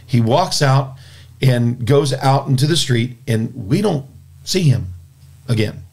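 Gravelly earnest man hosting a faith podcast. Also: medium pitch, expressive, takes it slowly, darkish tone. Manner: earnest and plainspoken, often restarting words. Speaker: Christian podcast host. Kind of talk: casual spoken storytelling and talk. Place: podcast studio.

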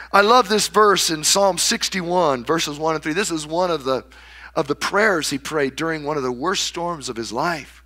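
Bright, fervent male preacher. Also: lively intonation, normal speed. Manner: dramatic, acts out quoted voices with big swings in pitch and volume. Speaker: pastor. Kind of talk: sermon.

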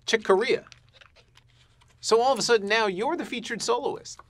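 A man's voice: very high-pitched, moderate pace, a bit bright. A man hosting a podcast interview, encouraging his guest with short affirmations. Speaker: podcast host. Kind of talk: casual interview.

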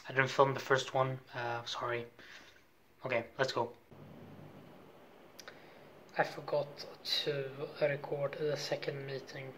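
A man's voice: mid-range voice, monotone, takes it slowly, long pauses, fairly bright tone, a little hiss or hum. A young man, a film student, chatting casually into a handheld camera as he goes about his days, loose and full of fillers and restarts. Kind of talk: casual vlog chat. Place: around a city, often outdoors in the streets.

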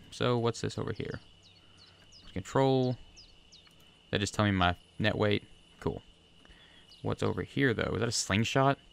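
Deep gravelly man rambling over gameplay. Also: a bit bright. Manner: rambling, chatty, talks to the fish. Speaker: gaming video creator. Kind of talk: casual gameplay commentary. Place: home desk. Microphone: USB desk microphone.

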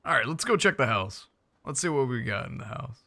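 A man's voice: medium pitch, lively intonation, a little fast, creaky, pushed and bright. A young man giving casual, playful commentary while playing a survival game, chatting to his viewers with jokey asides. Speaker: gaming YouTuber.

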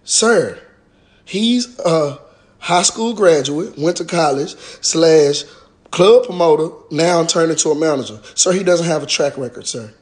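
Dude ranting on a live stream, high-ish voice, cussing and clowning people, keeps saying sir sarcastic. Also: male voice, unhurried. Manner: animated, profane and mocking, with a sarcastic repeated "sir". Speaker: rapper addressing his followers.

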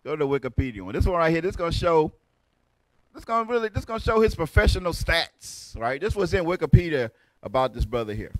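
Animated preaching man, dry close sound. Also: a little high, fast, no room sound. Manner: loud, rhetorical, repeats "right?". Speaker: teacher leading a lesson. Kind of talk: street preaching lecture.

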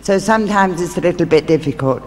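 A woman's voice: on the low side, fast, darkish tone. A woman speaking as a stage medium, telling homely stories to a live audience with chatty asides. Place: large theatre hall. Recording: reverberant live hall, faint ambience.

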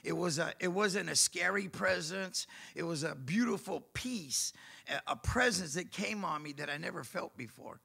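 A man preaching and giving his testimony, telling his story animatedly and acting out the dialogue with bursts of shouting. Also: high voice, normal speed, vocal fry, breathy edge. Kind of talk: sermon testimony.

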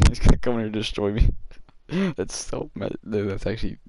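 A man's voice: on the low side, animated, normal speed, very noisy. A young man chatting loosely and joking while live-streaming a racing game, full of slang. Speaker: gaming streamer.

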